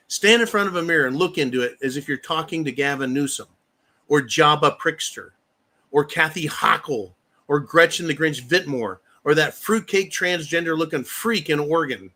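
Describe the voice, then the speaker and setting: A man's voice: on the high side, sharp tone. A man hosting a live stream, angrily ranting with lots of profanity and reading viewer comments aloud. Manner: angry, profane, heated ranting. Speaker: livestream host. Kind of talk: live-stream political rant.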